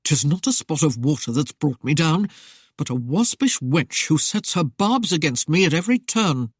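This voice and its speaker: A woman's voice: deep voice, expressive, moderate pace, breathy edge, no echo, studio quality. A woman doing a proud, indignant sea captain. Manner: stiff and indignant. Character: proud angry young sea captain, man.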